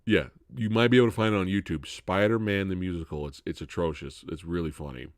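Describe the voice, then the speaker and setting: A man hosting a live Q&A stream, chatting casually, swearing freely and laughing loudly. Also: deep voice, fast, no echo, studio quality.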